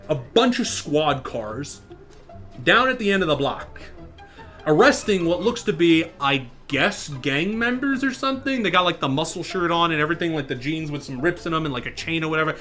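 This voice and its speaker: Animated young man telling a story. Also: on the high side, fairly quick, faint music behind. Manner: animated, acts out quotes in louder raised voice. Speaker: storyteller and channel host. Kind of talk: casual spoken storytelling. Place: online virtual social space.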